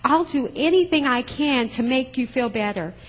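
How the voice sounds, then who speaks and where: A woman's voice: high-pitched, lively intonation, moderate pace, husky. A woman voicing a cranky proud baker. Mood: eager. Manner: sharp, impatient scolding. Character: proud, hot-tempered male village baker. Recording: long hall reverb.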